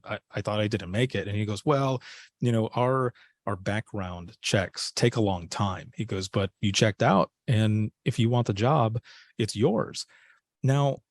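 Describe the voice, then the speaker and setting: A man's voice: lowish voice, dry recording. A man telling a personal story in a casual interview, acting out the dialogue he quotes. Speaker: podcast guest, former dispatcher.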